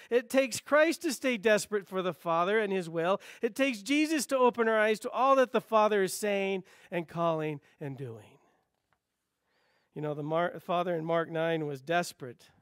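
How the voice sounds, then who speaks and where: A man's voice: high-pitched, fairly bright tone, no room sound, studio quality. A man pastor preaching a sermon, earnest and repetitive for emphasis, quoting scripture and sometimes dropping to a near whisper. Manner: earnest, repeats phrases for emphasis, quotes scripture, drops to near whisper at times.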